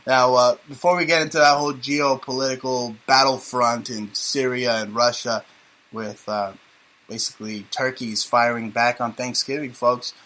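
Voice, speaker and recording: A man's voice: medium pitch, steady tone, normal speed, sharp tone, poor audio. A man hosting a talk radio show, sarcastic and rambling in casual banter.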